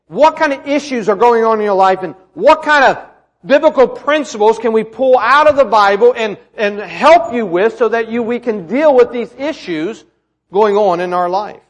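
Male pastor, conversational sermon, rhetorical questions, high pitch, reverberant hall. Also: lively intonation, moderate pace.

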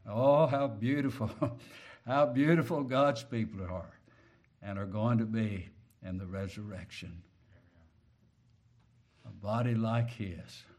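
A male preacher delivering a sermon, slow and deliberate, swinging from quiet low phrases to loud emphatic peaks on key words.

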